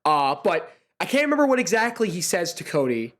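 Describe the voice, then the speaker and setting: A young adult host recapping a wrestling event in excited casual chat, swearing freely. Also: mid-range voice. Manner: rapid, animated, swearing freely. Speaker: podcast host.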